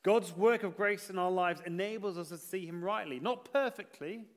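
A man preaching a sermon in an earnest manner, rising to emphatic repetition and then dropping low. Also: moderate pace, in a large hall.

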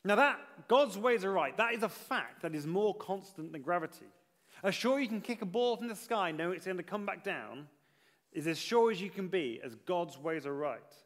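A man preaching a sermon in an earnest manner, rising to emphatic repetition and then dropping low. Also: in a large hall.

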